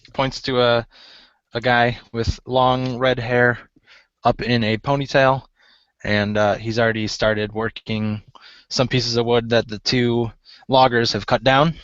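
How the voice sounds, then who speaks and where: A man's voice: medium pitch, flat delivery, unhurried, a bit bright, clear, resonant tone, no echo. A man narrating a tabletop game as game master, casual and loose, with many fillers. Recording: dry, dull lo-fi mic.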